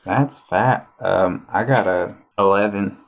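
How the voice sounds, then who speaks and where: A man's voice: on the low side, takes it slowly, creaky, a little hiss or hum. A man playing a tabletop game, laid-back and checking the rules. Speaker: player. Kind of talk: casual tabletop play.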